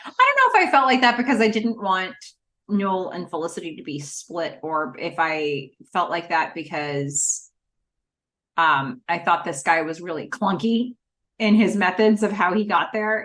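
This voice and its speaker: A woman co-hosting a podcast in casual chat, animated, with frequent laughs and trailing fillers. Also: on the low side, measured pace. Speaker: podcast co-host. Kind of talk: casual chat recapping a TV show.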